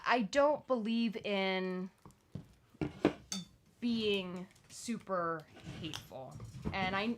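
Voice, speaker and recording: A woman's voice: medium pitch, fairly bright tone, a little hiss or hum. A woman co-hosting a live podcast stream, talking casually in an earnest, reflective way with many restarts and fillers. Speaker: podcast co-host.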